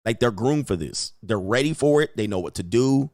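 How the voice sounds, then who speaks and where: A man hosting a livestream, talking bluntly and crudely in a lecturing way and acting out quoted women in a higher voice. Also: lively intonation, moderate pace, darkish tone, no room sound, clean studio sound. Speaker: host. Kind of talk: livestream commentary.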